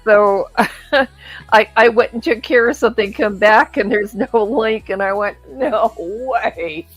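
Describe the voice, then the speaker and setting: A woman's voice: a little high, unhurried, breathy edge, soft background music. A woman chatting on a game stream, teasing the host and laughing easily. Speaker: co-player on stream. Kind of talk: casual chat on a game stream.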